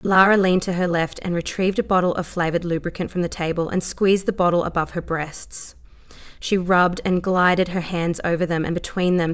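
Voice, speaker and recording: A woman narrating a story aloud in an even, measured reading voice. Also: lowish voice.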